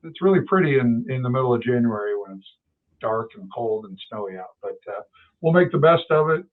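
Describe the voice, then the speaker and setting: Over tinny, phone-like sound, a man co-hosting a sports podcast talks fairly quickly in an expressive, mid-range voice. He chats casually, rambling through stories and restarting and correcting himself along the way.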